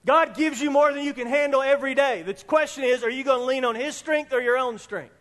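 A man preaching a sermon as pastor of a church, speaking emphatically and rising at times almost to a shout. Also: extremely high pitch, a little fast. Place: church sanctuary. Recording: long reverb in a hall.

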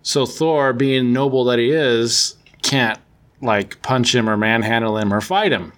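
A man's voice: medium pitch, a little slow, fairly bright tone. A man hosting a podcast, recapping a comic book story in a casual, rambling way, full of fillers and self-corrections. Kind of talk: casual chat.

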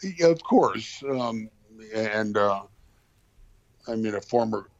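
A male actor, a guest on a podcast, giving measured, reflective answers about himself. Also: lowish voice, lively intonation, no room sound, dull audio. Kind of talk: casual interview.

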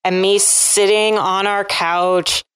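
A woman's voice: mid-range voice, level tone, takes it slowly, fairly bright tone, smooth, dry recording. A young adult woman hosting a casual conversation, telling stories in a chatty, self-deprecating way with plenty of fillers.

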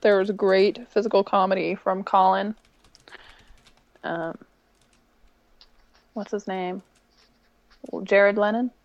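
A woman's voice: medium pitch, level tone, takes it slowly, pauses often, muffled recording. A woman co-hosting a podcast, casually recapping a TV episode and quoting lines from it, with plenty of ums. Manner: chatty retelling with many ums, quoting lines in a brighter voice. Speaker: podcast co-host.

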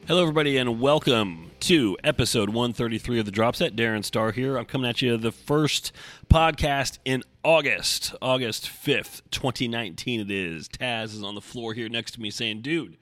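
A man's voice: mid-range voice, normal speed, fairly bright tone, dry recording. A man hosting his podcast from home, chatting casually and enthusiastically with lots of fillers. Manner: rambling, enthusiastic, many fillers. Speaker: podcast host. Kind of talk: casual chat.

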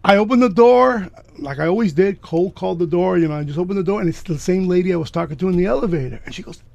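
Guy from miami telling a story, highish gravelly voice, dry close sound, gets loud and excited. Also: quick pace, no room sound, dull audio. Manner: emphatic, bursts of loud excitement. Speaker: guest. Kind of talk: animated personal storytelling.

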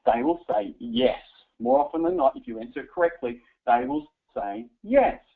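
A man leads a live sales training, speaking straight to his audience in a coaching tone. His pitch sits fairly high and jumps around a lot, with gravel at the ends of phrases. The sound is thin and tinny, as if heard down a phone line. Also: normal speed. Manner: animated, coaching, addresses audience directly. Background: audience present.

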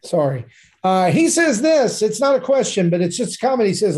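A man in his forties with a high, darkish-toned voice talks briskly and with lots of animation. Co-hosting a casual podcast, he reads out listener comments and makes self-deprecating jokes, laughing often.

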